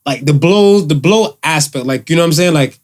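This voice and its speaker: Animated, profane male podcast host. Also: a little high, fairly quick. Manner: animated storyteller, profane, acts out quotes. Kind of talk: casual chat.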